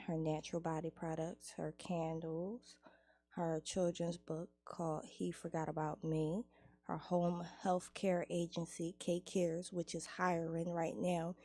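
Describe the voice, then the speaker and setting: In a studio, a woman hosts a radio show, chatting casually, laughing, and reeling off plugs and shout-outs. Her pitch is fairly low.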